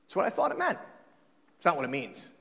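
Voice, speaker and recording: A man preaching a sermon as a pastor, in a conversational, joking way with quick acted-out asides. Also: a little high, wildly swooping pitch, gravelly, bright, forceful tone. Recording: long hall reverb.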